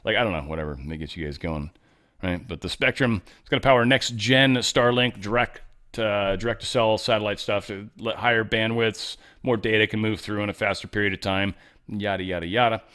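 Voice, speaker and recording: A man's voice: on the low side, fairly quick, pushed and bright, clear, resonant tone. Man, middle-aged, casual sarcastic commentary, rambling offhand delivery. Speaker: show host.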